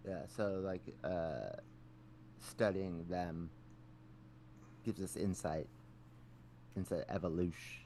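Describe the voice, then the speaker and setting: A man co-hosting a podcast, talking in a laid-back, halting way full of "like". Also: low-pitched, warm tone, a little hiss or hum. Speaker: podcast co-host. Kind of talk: casual podcast chat.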